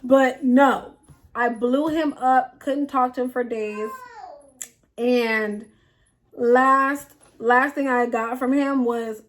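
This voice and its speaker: A woman vlogger telling a personal story in casual storytime style, animated and repeating phrases for emphasis while talking straight to her viewers. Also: fairly high pitch, takes it slowly.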